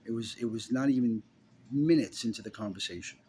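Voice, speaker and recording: A man's voice: medium pitch, fairly quick, dark tone, a little hiss or hum. A man telling a personal story straight to the listener in an intense, emphatic way, often repeating himself.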